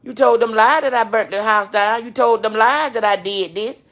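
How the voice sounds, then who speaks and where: A woman's voice: on the high side, moderate pace, a bit bright. A woman, tearful, talking straight to her viewers in an emotional, repetitive, preachy rant. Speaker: vlogger addressing her channel. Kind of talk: emotional live-stream rant.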